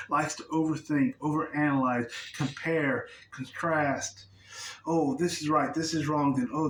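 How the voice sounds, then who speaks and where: A man's voice: fairly high pitch, a bit bright, slight background noise. A man giving a casual spiritual talk, swearing freely and laughing often as he explains. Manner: profane, laughing, conversational. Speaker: spiritual teacher. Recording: roomy sound from a distance.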